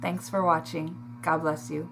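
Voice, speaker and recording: A woman talking in a personal video diary, emotional and halting, pausing and sighing as she speaks. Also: low-pitched, flat delivery, over loud music. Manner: emotional, halting, with sighs and restarts. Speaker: vlogger.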